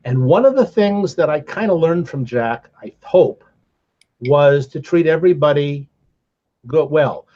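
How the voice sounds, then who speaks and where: A man's voice: on the high side, unhurried. An older man with a slightly raised voice tells a long anecdote as a podcast guest, laughing here and there. The sound is a bit dull and lo-fi. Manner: animated anecdotal telling with laughs. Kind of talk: casual storytelling.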